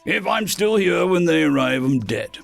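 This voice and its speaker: A tough, stubborn army major, as a narrator puts him on barks sarcastic orders in a raised voice. A gravelly rasp sits on his words. Faint music runs under the audiobook. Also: sits high, animated, moderate pace, pitched above the performer's own voice, full character voice. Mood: gruff. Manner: barking, sarcastic commands. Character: gruff stubborn male human army major.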